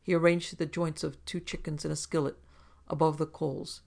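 A man narrating an audiobook story in a measured, descriptive way. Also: a little high, level tone, vocal fry, darkish tone.

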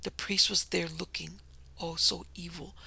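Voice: medium pitch, level tone, measured pace, gravelly, bright, forceful tone, slightly rough, full character voice, rough recording. A reader voicing a frightened missionary woman. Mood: earnest, hushed. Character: frightened woman missionary recounting her ordeal. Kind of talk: audiobook reading.

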